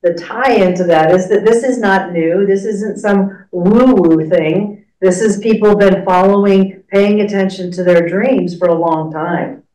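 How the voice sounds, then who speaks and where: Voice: mid-range voice, measured pace, warm tone. A class leader teaching a church study class, talking in a conversational, rambling way with fillers. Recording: echoey room, far from mic.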